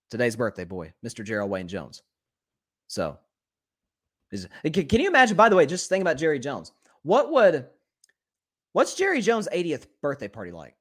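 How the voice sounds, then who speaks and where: A man hosting a solo sports talk show, giving animated and opinionated commentary and often repeating words as he thinks. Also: mid-range voice. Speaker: sports podcast host.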